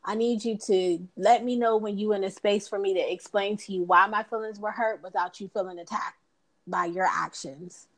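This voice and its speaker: A woman's voice: mid-range voice, normal speed, poor audio. A woman co-hosting a casual conversation, animatedly acting out dialogue as she tells stories. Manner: animated storyteller, acts out dialogue.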